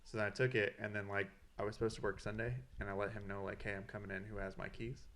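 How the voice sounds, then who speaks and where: A man's voice: on the low side, level tone, quick pace, fairly bright tone, a little hiss or hum. A young man co-hosting a casual podcast, telling stories full of swearing and quoted dialogue. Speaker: podcast co-host. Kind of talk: casual chat.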